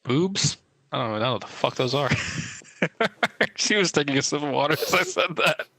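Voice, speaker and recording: A man's voice: on the high side, lively intonation, brisk, creaky, bright, forceful tone, dry recording, rough recording. A young man co-hosting a casual podcast, telling stories with lots of fillers and hedges. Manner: rambling storyteller, many fillers. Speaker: podcast co-host.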